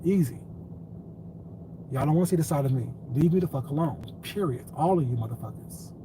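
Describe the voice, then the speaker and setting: A man's voice: on the high side, expressive, brisk. A man streamer lecturing his chat. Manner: lecturing, then cursing angrily. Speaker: live streamer. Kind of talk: live-stream rant to chat. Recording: distant mic, faint ambient noise.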